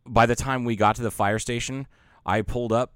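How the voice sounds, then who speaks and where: A man's voice: medium pitch, fairly quick, clear, resonant tone, no room sound, clean studio sound. A man co-hosting a podcast, telling rambling, profane anecdotes in casual chat. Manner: rambling, profane, animated anecdotes with self-corrections. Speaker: podcast co-host.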